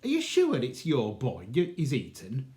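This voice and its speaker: A man's voice: medium pitch, huge pitch swings, unhurried, a little mellow. A man voicing a fussy male zoo keeper who frets and exclaims. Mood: fretting. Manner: fretful, exclaiming.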